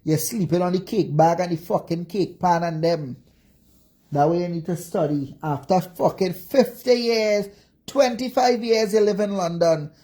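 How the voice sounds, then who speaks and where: Jamaican woman, livestream rant, profane, insulting, mellow voice. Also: fairly low pitch, unhurried. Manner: profane, insulting, repetitive cursing. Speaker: social media commentator.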